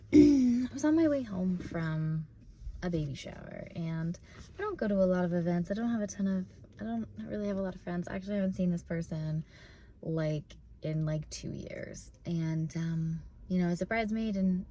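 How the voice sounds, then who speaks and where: A woman's voice: on the low side, mellow, slight background noise. A young woman vlogging from her parked car, talking in a rambling way with many fillers and restarts, close to tears. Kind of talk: casual emotional vlog.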